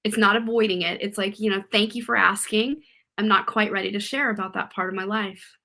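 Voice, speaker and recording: A woman co-hosting a talk show, explaining her approach in a calm, measured way with examples. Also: mid-range voice. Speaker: podcast co-host. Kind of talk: casual chat.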